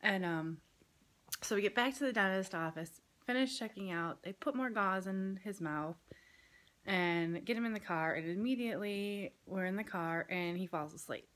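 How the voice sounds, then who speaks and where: A woman's voice: medium pitch, normal speed, fairly bright tone. A woman vlogging as a mother, telling a story in casual chat full of fillers, partly out in the yard. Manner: chatty storytelling with many fillers. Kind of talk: casual family vlog chat. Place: home, partly outdoors in a yard.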